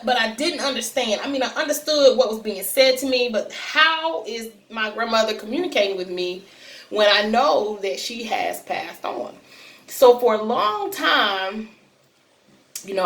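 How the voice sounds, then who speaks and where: A woman's voice: a little high, a bit bright. A woman vlogger casually telling a personal story to her viewers, chatty and direct with plenty of fillers. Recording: roomy sound, distant from mic.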